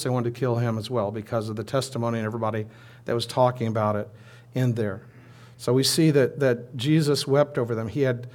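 Male preacher, informal storytelling sermon, mid-pitched voice, chatty asides.

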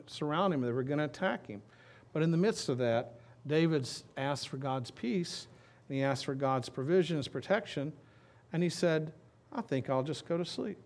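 Male pastor, mid-range voice, relaxed conversational preaching with scripture reading. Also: medium pitch. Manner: conversational preaching, reads scripture then riffs. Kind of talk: sermon.

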